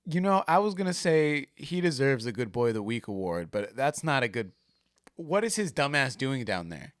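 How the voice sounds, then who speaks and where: A man hosting a casual podcast, his pitch swinging widely as he talks. He swears freely and laughs often while reacting to clips. The sound is close and dry. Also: very animated, normal speed, no echo. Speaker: podcast host. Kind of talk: casual chat reacting to viral videos.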